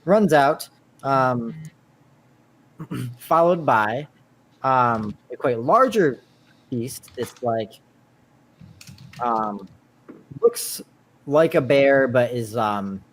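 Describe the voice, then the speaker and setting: A man running a tabletop game as game master, narrating casually in a halting way with many filler words. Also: medium pitch, expressive, slight background noise.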